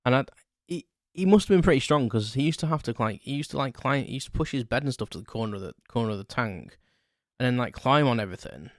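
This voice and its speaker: A man's voice: medium pitch, animated, fast talker, no echo, studio quality. A man hosting a solo podcast, telling childhood stories in a rambling, self-correcting way with chuckles. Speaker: podcast host. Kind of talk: casual solo storytelling.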